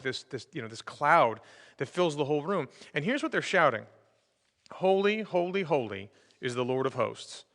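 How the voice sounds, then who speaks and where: A man's voice: mid-range voice, bright, forceful tone, big-room sound. A man preaching a sermon as pastor, in a conversational way with frequent fillers and restarts. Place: church sanctuary.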